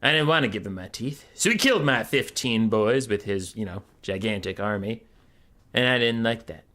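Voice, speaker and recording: A man's voice: fairly low pitch, expressive, moderate pace, bright, forceful tone. A man voicing a sly, chatty little goblin who rambles in a folksy way. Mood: rambling.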